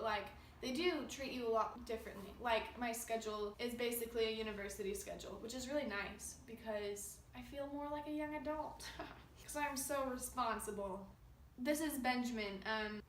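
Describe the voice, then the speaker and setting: A woman's voice: a little high, moderate pace, a bit bright, a little hiss or hum. A young woman in her late teens vlogging casually, chatty and giggly with many "like"s. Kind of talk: casual vlog commentary. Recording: echoey room, from a distance, faint music.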